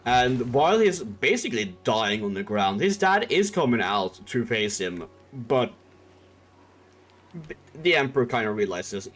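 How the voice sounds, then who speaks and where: Animated, rambling male streamer. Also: mid-range voice, a little slow. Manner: rambling, irreverent, laughs, swears. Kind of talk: casual lore retelling.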